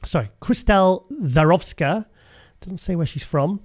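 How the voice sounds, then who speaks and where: A man's voice: on the high side, unhurried. Chatty, laughing man hosting a show. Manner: chatty, rambling, laughs often. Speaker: host. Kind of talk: casual show commentary.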